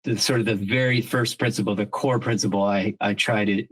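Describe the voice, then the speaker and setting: A man's voice: lowish voice, fairly even intonation, brisk, low-quality recording. A middle-aged man co-hosting a podcast in casual chat, earnest and reflective, thinking aloud with many restarts and the odd casual swear word. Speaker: podcast co-host.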